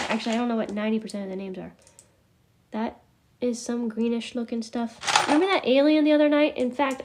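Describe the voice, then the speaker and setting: A woman's voice: on the high side, noisy background. A middle-aged woman hosting a casual live class on crystals, talking in a chatty, scattered way with frequent laughs and muttered asides. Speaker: spiritual class host.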